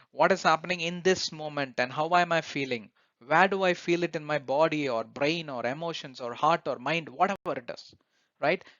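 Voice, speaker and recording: A man with a slightly high voice giving an earnest motivational talk for his self-help channel. He speaks with loose, non-native phrasing, fillers and restarts, and keeps checking in with his listeners. The recording is dry and dull, with a lo-fi edge. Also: fairly bright tone, no echo. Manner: earnest, repetitive, asks listeners "right?".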